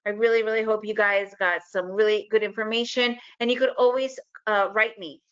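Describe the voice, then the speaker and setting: A woman's voice: medium pitch, steady tone, brisk, fairly bright tone, clean tone. A woman wrapping up a webinar talk on a video call, friendly and upbeat. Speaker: guest presenter. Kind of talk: webinar presentation wrap-up. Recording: dull lo-fi online call audio.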